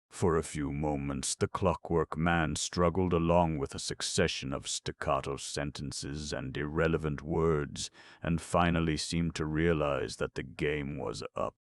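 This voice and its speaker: A man reading an audiobook as narrator, in slow, measured scripted narration. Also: extremely low pitch, steady tone, dry recording.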